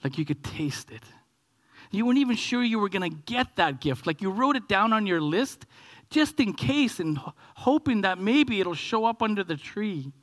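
A man in his forties from Canada preaching a sermon, telling a childhood story with animated acting-out, dropping to whispers and rising to high excited bursts. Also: normal speed. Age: 40s.

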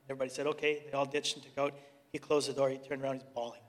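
A man's voice: medium pitch, little pitch movement, very fast. A middle-aged man, director of a youth organization, earnestly sharing a personal testimony and then leading a prayer, talking conversationally and restarting sentences as he searches for words. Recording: long hall reverb.

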